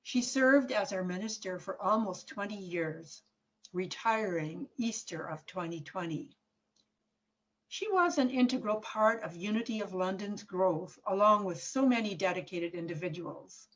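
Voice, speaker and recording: A woman's voice: mid-range voice, a little slow, fairly bright tone, a little hiss or hum. A woman reading a prepared introduction of a guest minister in an admiring tone. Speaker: church member introducing the guest. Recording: dull lo-fi call audio.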